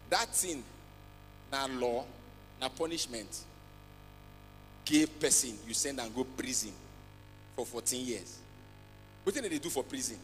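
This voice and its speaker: On a big festival stage, a Nigerian-accented man with a slightly high voice performs stand-up, switching between Pidgin and English and erupting in loud acted outbursts. Long hall reverb and faint music fill the recording.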